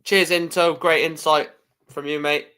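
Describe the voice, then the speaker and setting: A man's voice: fairly high pitch, flat delivery, measured pace, pushed and bright, smooth. A man hosting a live stream, giving chatty fan commentary on a football match and swearing freely.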